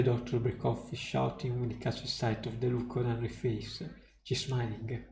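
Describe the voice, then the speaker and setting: A male streamer reading a game story aloud in a steady, measured way. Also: mid-range voice, gravelly, slight background noise. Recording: roomy echo, faint music.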